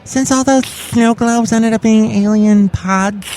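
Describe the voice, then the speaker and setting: A man putting on a chirpy, high-voiced chef supervisor. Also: fairly even intonation, takes it slowly, a little mellow, rough recording.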